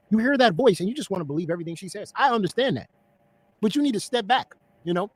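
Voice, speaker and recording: A man's voice: very high-pitched, expressive, racing, a little mellow, no echo. Mocking man calling someone out. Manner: mocking, accusatory. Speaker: video commentator. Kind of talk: exposé commentary.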